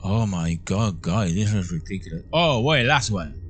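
A man's voice: fairly low pitch, animated, moderate pace, a little hiss or hum. A man commentating as he plays a horror game, jumpy and full of exclamations, often calling out to his viewers. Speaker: horror game let's-player.

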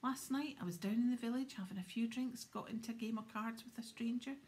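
Whispered role-play: a woman reading a gruff, blustery giant groundskeeper, a bit higher and soft-edged. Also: fairly quick, natural voice. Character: big gruff male gamekeeper, proud and secretive.

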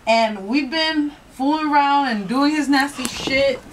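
A woman playing a fiery high-voiced sex worker. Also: unhurried, a little hiss or hum. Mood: complaining. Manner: brash, profane, threatening. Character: fiery, loud-mouthed female sex worker demanding pay. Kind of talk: improvised comedy sketch.

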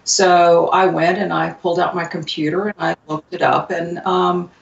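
A woman guest on a radio show, telling a personal story earnestly with many pauses, fillers and restarts. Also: on the low side, flat delivery, vocal fry. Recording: distant, roomy, dull lo-fi sound.

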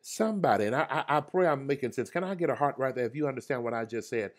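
A man preaching a livestreamed Bible study. He repeats his phrases and calls out to his viewers by name, and his voice swings from loud cries to hushed murmurs. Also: mid-range voice, quick pace. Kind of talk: livestreamed sermon.

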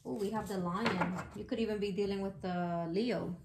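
A woman's voice: medium pitch, fairly even intonation, moderate pace. A woman doing a casual tarot reading, chatty and slangy, speaking bluntly and swearing freely. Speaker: tarot reader. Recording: echoey room with background noise.

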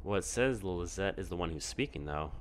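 A man's voice: low voice, lively intonation, a little fast, background noise. A man doing let's play commentary, thinking aloud and puzzling over the text on screen. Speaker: gaming video creator.

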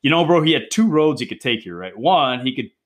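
Podcast guest: a middle-pitched cop in his forties, excitable, cursing through his war stories. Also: fairly quick. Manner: profane, excitable, peppers talk with "bro" and "dude". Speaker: guest, police drug interdiction officer. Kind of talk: casual storytelling chat.

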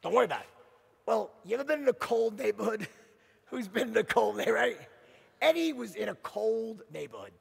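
Gravelly, lively man on a conference stage. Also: high-pitched, brisk. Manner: animated, punchy, keeps checking in with "right?". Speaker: keynote speaker. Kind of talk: motivational sales keynote storytelling. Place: large conference hall. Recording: long hall reverb from stage.

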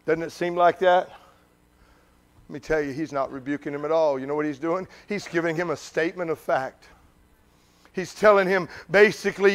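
In this sermon, a man addresses the congregation casually, asking many questions while moving from loud, pressing bursts to quiet asides. His pitch is a little high, his tone steady, and his pace moderate.

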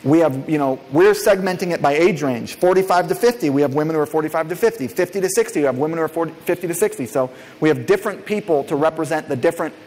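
A man giving an energetic conference keynote from a stage, often turning to quiz the audience directly. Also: a little high, quick pace. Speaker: keynote speaker. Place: large conference hall, on stage. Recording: long reverb of a large hall.

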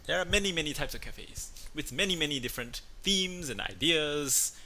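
A man's voice: a little high, lively intonation, normal speed, pushed and bright. A man hosting a casual chat show, talking in a playful, chatty way and acting out voices as he tells jokes. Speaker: host. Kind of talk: casual chat, telling a joke.

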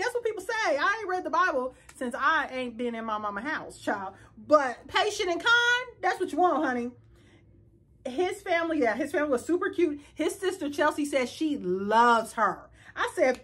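A woman, chatting sassily and animatedly as she recaps a reality show for her viewers. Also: sits high. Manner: sassy, animated, talks straight to viewers. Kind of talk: casual chat.

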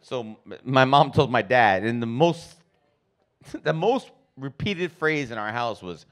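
A man's voice: medium pitch, expressive, slow. A man doing stand-up comedy, telling profane family stories and acting out his relatives. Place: comedy club stage.

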